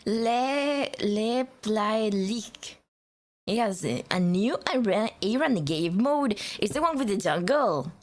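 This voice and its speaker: A woman's voice: mid-range voice, lively intonation, takes it slowly. A woman livestreamer chatting casually with her viewers, playful and teasing, giggling and stammering through restarts.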